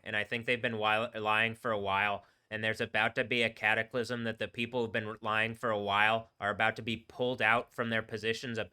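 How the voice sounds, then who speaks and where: A man streaming live, rambling casually in a halting way and trailing off mid-word. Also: fairly low pitch, pushed and bright, clean tone. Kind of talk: casual rambling livestream talk.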